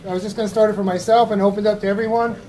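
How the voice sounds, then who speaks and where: A man's voice: sits high, fairly even intonation, rapid-fire, warm tone. A man moderating a candidates' forum, informal and instructing. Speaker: event moderator. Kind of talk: casual event hosting. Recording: noisy room recording.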